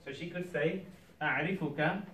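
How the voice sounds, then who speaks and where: A man's voice: fairly high pitch, a little fast, a bit bright, far from the mic, slight background noise. Encouraging male teacher in echoey classroom. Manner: patient, coaxing, encouraging. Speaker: Arabic teacher.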